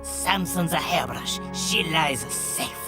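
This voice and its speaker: An actor voicing excitable vegetable barber brothers, bickering and theatrical, with music behind. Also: male voice, a little high, slow pace. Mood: secretive. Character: two excitable vegetable barber brothers, middle-aged men. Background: background music.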